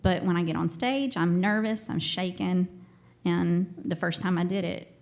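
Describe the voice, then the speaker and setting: A woman's voice: lowish voice, fairly even intonation, moderate pace, vocal fry, darkish tone. A young woman from Tennessee and Georgia with a Southern accent, telling a story on stage to a live audience in a chatty, self-deprecating way.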